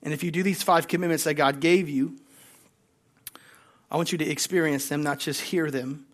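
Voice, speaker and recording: A man's voice: fairly high pitch, steady tone, moderate pace. A man preaching a sermon as a guest pastor. He speaks emphatically, repeats key lines and has the congregation say phrases back to him.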